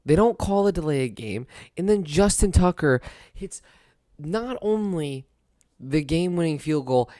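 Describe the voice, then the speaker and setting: A man's voice: a little high, a little mellow, no echo, clean studio sound. A young adult man hosting a casual sports talk monologue, rambling and rueful, laughing at his own misery. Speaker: podcast host.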